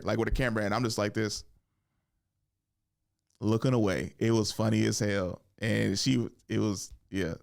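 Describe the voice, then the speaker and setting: A man's voice: on the low side, vocal fry. A young man hosts his own podcast, telling loose, profane stories alone and laughing as he acts out the people in them. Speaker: podcast host. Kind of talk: casual storytelling monologue.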